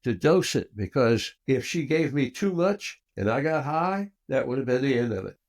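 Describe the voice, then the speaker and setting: An older man, a guest on an interview show, telling a personal story and acting out the dialogue with big swings in voice. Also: moderate pace. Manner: animated storyteller who acts out dialogue with big swings in pitch and loudness.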